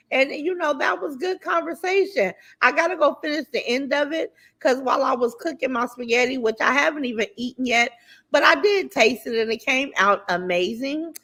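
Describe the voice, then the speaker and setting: Chatty woman greeting livestream viewers. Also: high-pitched. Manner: animated, chatty, swears casually. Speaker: livestream host.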